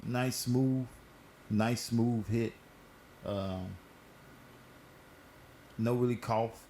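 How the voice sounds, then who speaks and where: A man's voice: mid-range voice, fairly even intonation, drawn-out words, dark tone, slight background noise. A man hosting a casual current-events talk, telling stories in a laid-back, slangy and profane way while smoking. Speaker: host.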